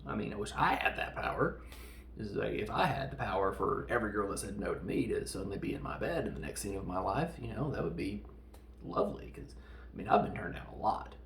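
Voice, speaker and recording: A man's voice: fairly low pitch, animated, fairly quick, vocal fry, slight background noise. A man hosting a podcast, giving a casual, joking, self-deprecating film review. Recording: roomy echo.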